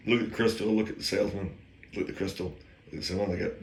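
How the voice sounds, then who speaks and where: A man's voice: sits low, very fast, creaky, slight background noise. A man casually telling an anecdote, rambling with wry, self-aware digressions. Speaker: storyteller. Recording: echoey room.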